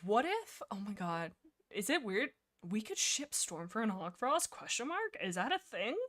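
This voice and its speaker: A young woman hosts a livestream in a loose, rambling chat. She jumps from one thought to the next, and her pitch swings up and down as she gets excited. Her voice sits in an ordinary middle range. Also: moderate pace. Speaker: livestream host discussing books.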